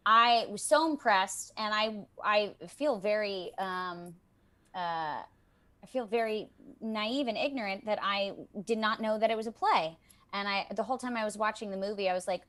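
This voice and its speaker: A woman voice actor chatting as a guest in a remote interview, animated and emotional, often restarting her sentences. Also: mid-range voice, normal speed. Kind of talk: casual interview chat. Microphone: video call.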